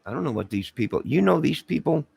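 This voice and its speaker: A man's voice: a little high, sing-song, quick pace, darkish tone, no echo. A man hosting his own channel, talking in a rambling, casual commentary monologue full of fillers and asides. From Illinois. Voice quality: very gravelly, husky voice. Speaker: channel host.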